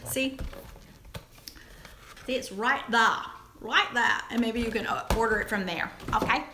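A woman's voice: unhurried, background noise. A woman hosting a casual live chat, reading viewer comments aloud and gasping and squealing over small toys. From Southern United States. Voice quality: giggly, exclamatory, high and animated. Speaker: live stream host.

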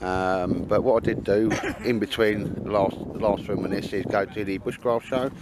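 A man's voice: on the low side, fairly even intonation, moderate pace, very noisy. A middle-aged man chatting casually to camera outdoors in the woods, rambling and laughing at his own stories. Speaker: vlogger. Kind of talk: casual outdoor vlog chat.

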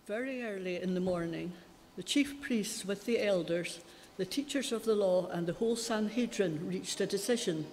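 A woman reading a Bible passage aloud in a church service, in a steady, measured way. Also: medium pitch, a little hiss or hum. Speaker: scripture reader. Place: church hall. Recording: echoey church from a distance.

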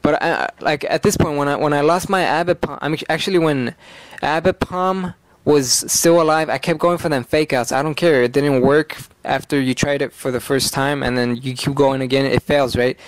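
A man's voice: a little high, fairly even intonation, moderate pace, no echo. A man talking casually over a game video, hyper and rambling, swearing freely. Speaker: gaming YouTuber. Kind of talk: game commentary.

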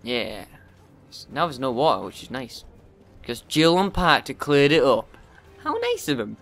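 A man giving profane let's play commentary, often yelling at the game in frustration. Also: medium pitch, huge pitch swings, unhurried, creaky, faint music behind. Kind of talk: gameplay commentary.

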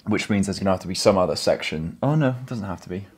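A man's voice: sits low, lively intonation, fast, a little hiss or hum. A man vlogging from his small home office, thinking aloud and rambling with self-corrections. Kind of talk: casual vlog talk.

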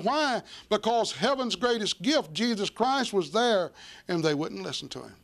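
A man preaching with a fairly high-pitched voice. He reads old-fashioned scripture aloud, then turns and explains it in plain everyday words, addressing his listeners as folks. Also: expressive, normal speed. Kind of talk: sermon on scripture.

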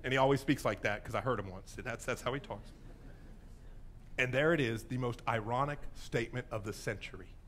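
A man's voice: medium pitch, a little fast, a bit bright, slight background noise. A man preaching a sermon as pastor, telling a story with playful voices and asides.

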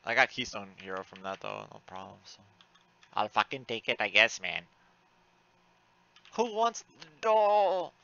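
A man giving live commentary while playing an online game, frustrated and excitable, swearing often with sudden loud outbursts. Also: sits low, fairly quick, gravelly, highs cut off.

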